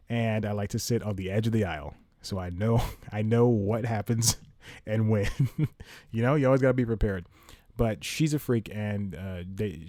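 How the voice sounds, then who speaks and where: A man's voice: lowish voice, mellow, no room sound, clean studio sound. A man hosting a casual solo podcast from home, rambling, restarting his sentences and laughing often. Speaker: podcast host.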